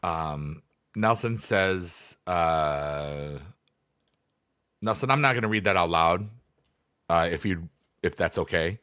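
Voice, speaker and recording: A man's voice: sits low, takes it slowly, pauses often, bright, forceful tone, clean tone. A man in casual livestream chat, rambling with lots of fillers and reading chat messages aloud. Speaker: livestreamer, former teacher.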